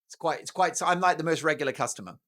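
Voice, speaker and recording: A man's voice: a little high, fast, a bit bright. A British man hosting a talk show, giving mocking, sarcastic news commentary in a theatrical way. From Britain.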